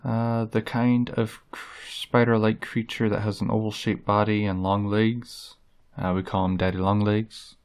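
A man with a drawl talks slowly through a casual vlog, his voice sitting fairly low. He reads each item off a list, pausing on drawn-out "uh" fillers between them. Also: level tone, clean tone. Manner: unhurried, reads words off a list with many "uh" fillers. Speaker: vlogger. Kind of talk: casual accent-tag video.

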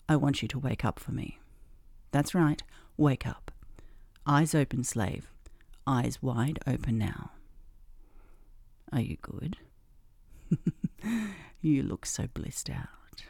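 A woman in a whispered role-play, speaking in a breathy whisper with a slow, commanding, teasing manner. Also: extremely low pitch, dark tone, dry recording, studio quality. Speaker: hypnosis role-play performer.

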